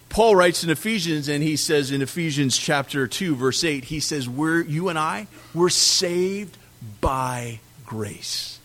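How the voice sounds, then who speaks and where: Animated preaching man, fairly high voice. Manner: animated preaching, swinging from loud emphasis to quiet drops. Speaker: pastor. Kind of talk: sermon.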